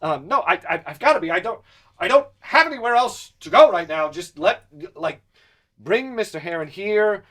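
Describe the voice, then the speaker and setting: A man's voice: fairly high pitch, brisk, few pauses, lightly acted. A man voicing a panicked young man who stammers and pleads to be let through a gate. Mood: desperate.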